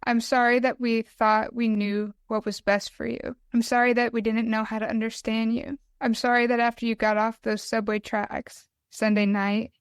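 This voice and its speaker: A woman reads her own poem in a smooth, clear voice that stays flat and restrained, her delivery halting and tearful. The sound is dry and close, with no room around it. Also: fairly high pitch, dry recording. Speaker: podcast guest, mental health advocate. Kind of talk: reading her own poem aloud, then conversational interview.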